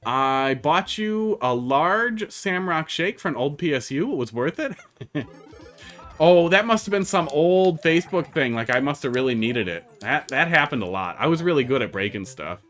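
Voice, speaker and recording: A man's voice: fairly high pitch, lively intonation, normal speed, fairly bright tone, faint music behind. A man with a Wisconsin accent, chatting casually as a streamer while he plays and answers chat. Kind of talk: casual live-stream commentary.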